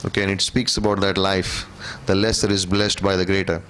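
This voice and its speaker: A man teaching a church Bible class, reading scripture aloud and explaining it in a conversational way, often checking in with "okay?" and clearing his throat. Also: low-pitched, level tone, fairly quick, a bit bright, a little hiss or hum. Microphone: room microphone.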